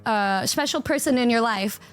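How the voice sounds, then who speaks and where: A young woman streamer chatting to her viewers, rambling and excitable, with a lot of stammered restarts. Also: on the high side, moderate pace, clear, resonant tone. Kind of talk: casual stream chat.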